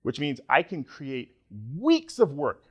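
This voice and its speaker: A middle-aged man from Nigeria giving a conference talk, joking and animated with the audience. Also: fairly high pitch, slow pace, breathy edge. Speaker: conference speaker.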